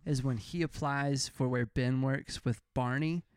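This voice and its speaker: A man in relaxed casual chat about a favorite sitcom. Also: medium pitch, measured pace, clean tone, no room sound, clean studio sound. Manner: relaxed, chatty, laughs while talking.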